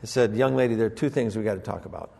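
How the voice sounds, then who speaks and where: An older man preaching a sermon as pastor, telling family stories and acting out voices with sudden high jumps in pitch. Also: very fast, gravelly, warm tone, long reverb tail. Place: church sanctuary.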